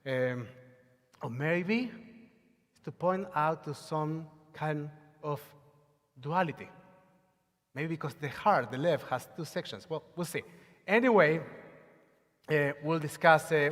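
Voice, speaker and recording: A man's voice: fairly high pitch, a bit bright. A man leading a Sabbath service, chanting Hebrew prayers and making announcements with many hesitations. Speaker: service leader. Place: synagogue sanctuary. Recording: long hall reverb on a livestream.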